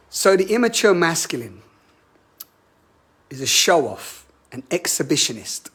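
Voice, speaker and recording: A man's voice: on the high side, husky. A man giving a live-streamed spiritual talk as a workshop facilitator, earnest and self-reflective, often putting questions to his listeners. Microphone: webcam or phone mic on a live stream.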